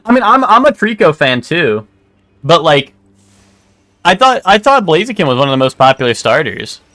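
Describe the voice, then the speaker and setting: A man's voice: on the high side, very animated, normal speed, sharp tone, no echo. A man streaming a game, chatting casually with lots of fillers and restarts. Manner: rambling, hesitant, lots of fillers. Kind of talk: casual chat while gaming.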